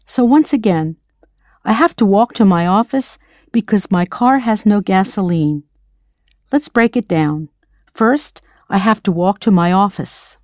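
An American woman, patient and encouraging, runs a scripted audio language lesson and prompts the listener to respond. She speaks at a middle pitch with an animated, measured pace and a darkish tone, recorded close and dry with no room sound.

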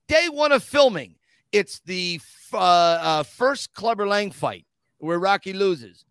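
A man hosting a casual podcast chat, an animated storyteller who talks eagerly and with emphasis. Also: sits high, slow, clear, resonant tone, no room sound. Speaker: podcast host.

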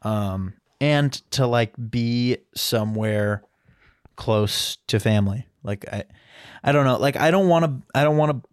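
A young man co-hosting a casual podcast, relaxed and rambling with lots of fillers. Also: mid-range voice, a little slow, clear, resonant tone, no echo, clean studio sound. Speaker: podcast co-host.

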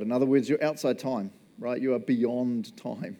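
A man's voice: medium pitch, brisk, hardly any pauses, mellow. A man preaching a casual, conversational sermon, joking, laughing often and acting out little quoted voices. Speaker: pastor.

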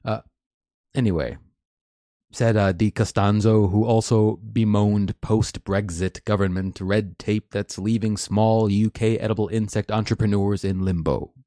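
A man's voice: lowish voice, steady tone, measured pace, mellow, no echo, studio quality. A man hosting a live stream, reading and commenting on news articles in an opinionated, rambling way, laughing often.

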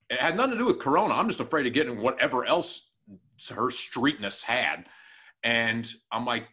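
Male co-host, crude animated storyteller, lively swinging pitch, bright tone. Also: a little fast. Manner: profane, animated anecdote telling with acted-out quotes. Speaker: podcast co-host and new tech guy. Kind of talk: casual chat, storytelling.

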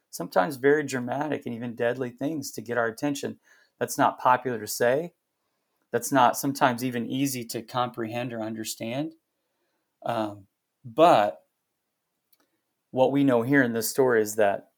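A man hosting a devotional podcast, talking through a Bible passage in a reflective, halting way with many fillers. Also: mid-range voice, creaky. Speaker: pastor and podcast host. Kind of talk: conversational devotional podcast talk.

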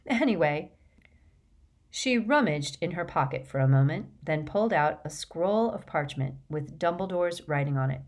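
A woman narrating an audiobook in measured, even scripted narration. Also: deep voice.

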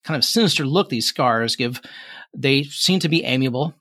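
A man narrating as game master, halting with fillers and restarts as he describes the scene. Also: medium pitch, lively intonation, bright, forceful tone, no echo, clean studio sound.

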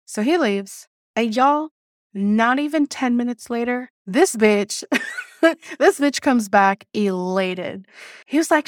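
A woman's voice: mid-range voice, slow pace, no room sound. Podcast host, woman, emphatic storyteller, swears, dry close sound. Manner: animated and emphatic, swears freely, addresses listeners as "y'all". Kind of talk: casual storytelling monologue.

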